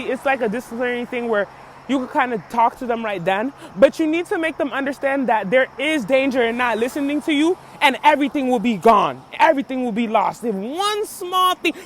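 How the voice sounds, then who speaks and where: A woman's voice: high-pitched, slight background noise. A woman hosting a podcast who gives blunt, profane, emphatic commentary. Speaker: podcast host. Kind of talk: animated commentary.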